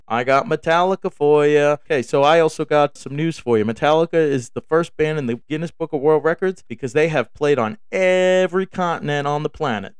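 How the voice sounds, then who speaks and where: A man's voice: a little high, smooth, no echo, studio quality. An American man hosting a late-night podcast, ranting casually with heavy swearing and a fired-up, brash manner. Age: adult with kids. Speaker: podcast host.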